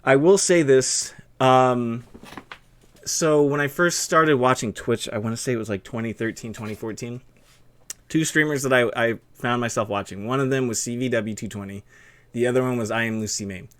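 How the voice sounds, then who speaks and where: This is a young stream host with a lisp interviewing a guest in casual conversation, rambling loosely and leaning on fillers. He has a smooth mid-range voice and talks at a normal speed.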